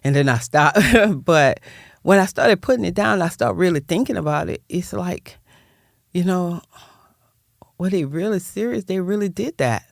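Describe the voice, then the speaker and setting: Older woman, gravelly voice, heartfelt and rambling, close dry mic. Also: on the low side, expressive, moderate pace, no echo. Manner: rambling, heartfelt, repeats words. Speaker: guest, nonprofit founder. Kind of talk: personal storytelling in interview.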